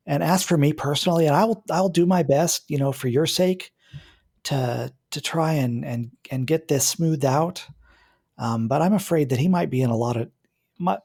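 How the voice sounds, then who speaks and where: A man voicing an earnest middle-aged female police officer in a tabletop role-play, talking haltingly with many restarts. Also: a little high, creaky, darkish tone, breathy edge. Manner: hesitant, halting, full of restarts.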